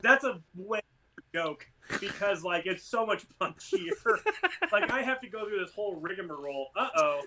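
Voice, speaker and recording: Man, casual chat, long rambling jokes, high bright voice. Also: big pitch swings, moderate pace, a little hiss or hum. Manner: rambling storyteller, many fillers. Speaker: podcast co-host.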